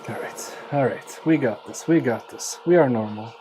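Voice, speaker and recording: There's slight background noise as a man with a mellow, medium-pitched voice talks at normal speed. He hosts a live electronics repair stream, joking about himself and muttering as he works in easygoing chat.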